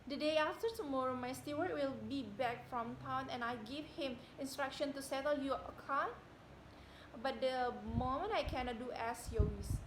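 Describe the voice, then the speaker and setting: Young woman playing a haughty high-voiced widow. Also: slight background noise, close to an everyday voice. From Indonesia. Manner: declamatory, rising to indignant shouting. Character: proud young widow, haughty and quick to anger. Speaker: student actor. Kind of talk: amateur stage drama reading. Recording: echoey room.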